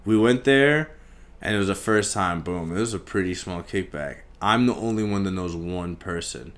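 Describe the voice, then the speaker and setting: A young man hosting a podcast, telling a story in a casual, profane, animated way and acting out the scenes. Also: sits low, moderate pace. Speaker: podcast host.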